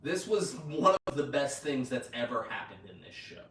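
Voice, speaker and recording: A man's voice: mid-range voice, big pitch swings, moderate pace, a bit bright. A man co-hosting a casual review chat, retelling events loosely and swearing often. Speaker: show co-host. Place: room on a live stream. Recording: roomy echo, distant mic.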